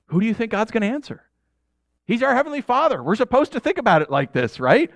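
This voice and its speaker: A middle-aged pastor giving a sermon in a conversational, jokey way, often asking the audience questions. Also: male voice, on the high side, big pitch swings, brisk, no room sound.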